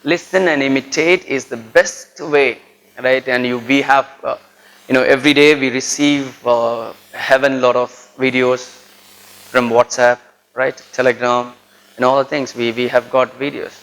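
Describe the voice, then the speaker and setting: A man's voice: medium pitch, steady tone, unhurried, fairly bright tone, poor audio. A man with an Indian English accent giving a pronunciation lesson to students, repeating words with heavy stress and checking in with "right?". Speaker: lecturer. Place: college lecture.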